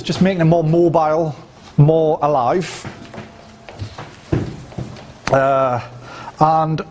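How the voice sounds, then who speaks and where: Man, seminar coach, casual and profane, demonstrative, slightly high voice. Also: darkish tone, slight background noise. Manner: loose, chatty and profane, with frequent "right?" tags and physical demonstrations. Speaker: dating coach teaching a seminar. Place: room with a live audience.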